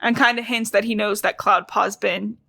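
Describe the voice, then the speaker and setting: A young woman co-hosting a podcast, recapping a book in a casual, chatty way with lots of "like" and quick jokey asides. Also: mid-range voice, steady tone, vocal fry, sharp tone, dry recording. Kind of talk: casual chat.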